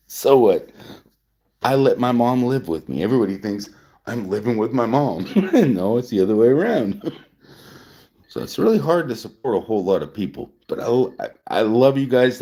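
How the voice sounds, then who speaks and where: A man's voice: fairly low pitch, expressive, moderate pace, mellow. A man in his forties chatting casually on a live stream, rambling and repeating himself, chuckling often, with a few drinks of whiskey in him. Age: 40s. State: drinking whiskey while talking.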